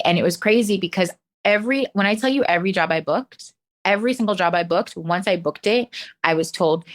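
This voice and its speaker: A woman, a professional dancer, talking as a guest in a casual interview, animated, laughing often and acting out what people said to her. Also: medium pitch, moderate pace. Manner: animated, laughs often, acts out quoted voices.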